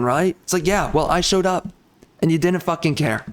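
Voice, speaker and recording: A man's voice: on the high side, normal speed. Profane, furious YouTuber man ranting. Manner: swearing heavily, exasperated, blunt. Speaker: gaming YouTuber. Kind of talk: angry profane rant.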